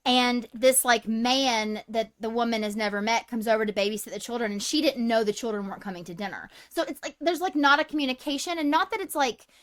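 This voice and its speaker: A woman's voice: a little high, a little fast, few pauses. A woman co-hosting a podcast, chatting bluntly about a film with lots of fillers and swearing. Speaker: podcast co-host. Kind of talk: casual movie review chat.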